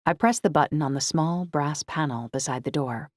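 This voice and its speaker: A woman reading a first-person novel aloud in measured, scripted narration. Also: sits low, no room sound, clean studio sound. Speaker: audiobook narrator.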